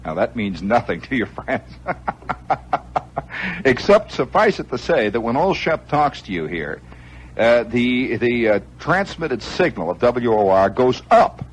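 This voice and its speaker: A man hosting a radio show, telling a long story in an animated way with chuckling asides and acted-out moments. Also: medium pitch, slow pace, a little hiss or hum, poor audio. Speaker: radio host. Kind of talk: improvised storytelling monologue.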